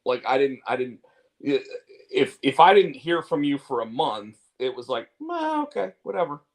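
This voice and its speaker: A man's voice: medium pitch, moderate pace, low-quality recording. Rambling candid man chatting. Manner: rambling, repeats words and fillers; candid, swears casually. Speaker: podcast co-host. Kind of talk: casual chat.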